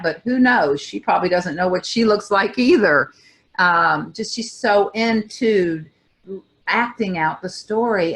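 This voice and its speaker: An older woman co-hosting a talk show, telling a personal story in a thoughtful way with pauses and restarts. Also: fairly low pitch. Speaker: co-host.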